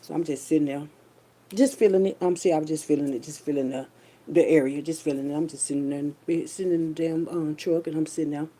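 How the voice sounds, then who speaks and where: A woman's voice: deep voice, fairly even intonation, fast talker, dark tone. A middle-aged woman telling a story to her listeners in a chatty, loose way. She uses heavy slang and calls her listeners baby and child. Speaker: vlogger. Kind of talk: casual storytelling monologue.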